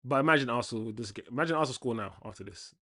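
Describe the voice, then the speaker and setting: A man's voice: medium pitch, rapid-fire, fairly bright tone. A man hosting a football watchalong, reacting live with indignant, casual slang.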